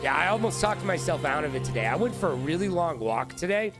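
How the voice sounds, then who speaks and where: A man hosting a live-stream trivia game, excitable and profane, riffing with his chat. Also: fairly high pitch, quick pace, over music.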